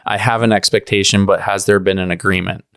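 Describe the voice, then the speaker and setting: A male podcast host with a low, smooth, resonant voice. He responds reflectively to his guest's points. The recording is close and dry. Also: little pitch movement, a little fast, fairly bright tone, no room sound. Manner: reflective, affirming. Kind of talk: interview conversation.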